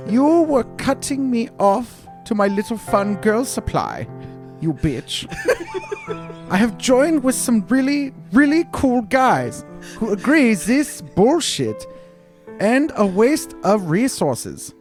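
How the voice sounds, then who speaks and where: A man's voice: high voice, very animated, takes it slowly, a little mellow, faint music behind, pitched above the performer's own voice, full character voice. A man voicing a spoiled young man reading out a spiteful, mocking letter to his father in a tabletop game. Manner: petulant and mocking.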